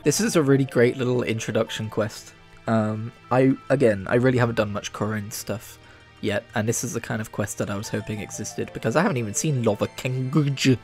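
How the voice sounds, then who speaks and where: A man's voice: on the low side, brisk, faint music behind. A man giving casual, wry commentary over a game playthrough, often swearing and joking. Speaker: gaming video creator.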